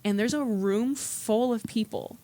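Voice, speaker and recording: A woman's voice: on the high side, measured pace, dark tone. A woman earnestly telling a personal story in a meeting room, acting out past conversations in quotes. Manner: earnest, recounts dialogue in quotes. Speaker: workshop participant.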